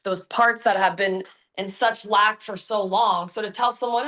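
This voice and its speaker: A young adult woman, a hypnotherapist, talking about healing in a casual, animated, slangy way. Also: medium pitch, moderate pace. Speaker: guest hypnotherapist. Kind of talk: casual podcast chat.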